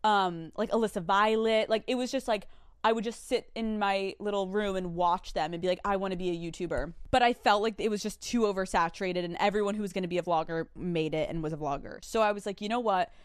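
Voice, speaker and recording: A woman's voice: mid-range voice, fast, clear, resonant tone, no room sound, clean studio sound. Chatty young woman podcast host. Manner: excitable and chatty, full of "like" fillers; swears casually. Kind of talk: casual chat.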